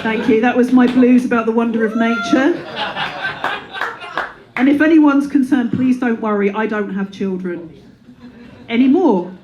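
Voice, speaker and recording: High-voiced woman doing stand-up. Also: moderate pace, pauses often, dull audio. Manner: playful, self-deprecating, slips into silly voices. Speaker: stand-up comedian. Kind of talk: stand-up comedy set. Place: comedy club before a live audience. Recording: live room with audience laughter.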